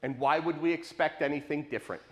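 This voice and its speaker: A man preaching a sermon to his congregation, animated and questioning, with lots of rhetorical repetition. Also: on the high side, fast talker. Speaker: pastor. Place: church sanctuary. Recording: live in a reverberant sanctuary.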